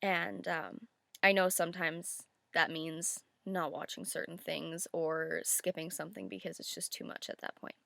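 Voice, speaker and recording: Bright-voiced, candid woman vlogger. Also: lowish voice, fairly even intonation, normal speed, creaky, no room sound. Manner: candid, rambling, swears freely. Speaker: YouTube reactor. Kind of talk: casual vlog talk.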